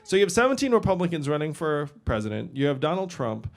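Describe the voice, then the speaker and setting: A man in his forties giving a casual, conversational campaign speech to a live audience, with quick asides and laughs. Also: on the high side, big pitch swings. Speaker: political candidate speaking to a crowd. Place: event venue with a live audience.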